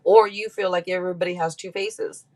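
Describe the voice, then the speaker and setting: A woman's voice: on the low side, steady tone, brisk, darkish tone. Chatty woman reading tarot on a live stream. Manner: chatty, laughs often, talks straight to viewers. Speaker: tarot reader.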